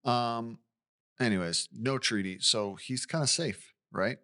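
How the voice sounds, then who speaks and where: A man's voice: medium pitch, slow pace, sharp tone. A man co-hosting a podcast, recounting a true-crime case in casual chat with asides and questions. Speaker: podcast co-host.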